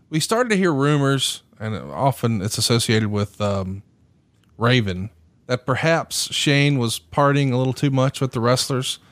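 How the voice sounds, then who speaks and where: A man hosting a podcast, reading a prepared history in a steady, measured way with small fillers. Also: medium pitch, dry recording. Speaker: podcast host.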